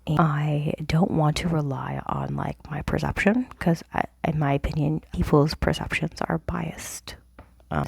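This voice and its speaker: A woman whispering a casual vlog walkthrough of her planner at a home desk, in a low morning voice, halting with many fillers. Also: creaky, darkish tone, husky, no echo. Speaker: planner vlogger. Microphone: desk mic.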